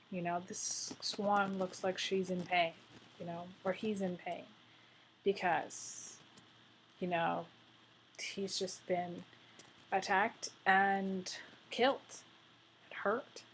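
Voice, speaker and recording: A woman's voice: mid-range voice, slight background noise, low-quality recording. Emotional rambling woman tarot reader. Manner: rambling, many fillers and restarts, emotional. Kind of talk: casual spoken tarot reading.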